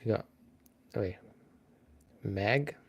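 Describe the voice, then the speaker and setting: A man's voice: on the low side, slow pace, vocal fry, slightly rough, lo-fi sound. A man hosting a live-stream trivia game in a casual, chatty way, thinking aloud and greeting viewers by name.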